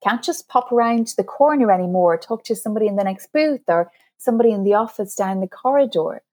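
A woman's voice: medium pitch, animated, fast talker, darkish tone. Earnest woman explaining communication skills. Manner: explains earnestly, acts out quoted voices, laughs at herself. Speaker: author and guest expert on communication. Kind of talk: interview conversation.

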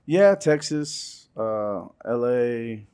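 A man's voice: mid-range voice, drawn-out words, clear, resonant tone. A male comedian and show producer telling stories in a casual interview, acting out what other people said. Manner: lively storyteller who acts out quoted dialogue.

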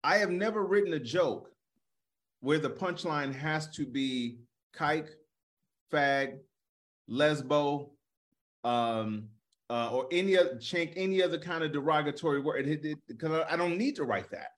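A man in casual comedic podcast chat with a somewhat high voice. He talks animatedly and stacks restarts, "I, I" and "you, you", before landing his point. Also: measured pace. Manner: animated, repeats words when starting a thought.

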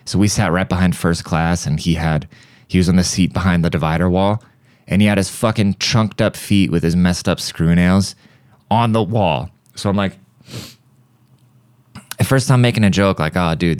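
A man with a very low, smooth voice rambles through comic stories on his podcast, swearing freely and mimicking music with his mouth. The recording is dry and close, with no room sound. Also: darkish tone, no echo. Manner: profane, rambling, breaks into mouth-made beat sounds. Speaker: podcast host. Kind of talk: casual comedic storytelling. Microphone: studio podcast mic.

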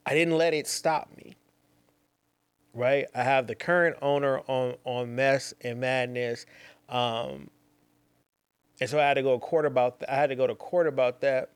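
A man's voice: medium pitch, fairly even intonation, moderate pace, pauses often, clean tone, dry recording. A young man, hosting a podcast and telling a rambling personal story with slangy asides and repeated phrases. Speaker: podcast host. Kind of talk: casual storytelling monologue.

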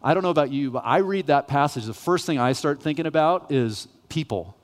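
A male pastor preaching a sermon, telling a self-mocking, animated story. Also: a little high, brisk. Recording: reverberant church hall.

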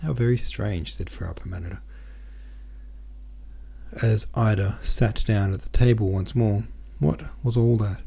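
Deep, gravelly man reading a novel. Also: a little slow, pauses often, dark tone. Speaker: audiobook reader. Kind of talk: novel read aloud.

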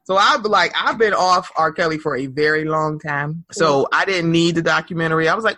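A woman in her thirties hosting a podcast, chatting casually in an animated, sing-song way and laughing often. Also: deep voice, fairly quick, hardly any pauses, no echo. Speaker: podcast host. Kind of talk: casual chat.

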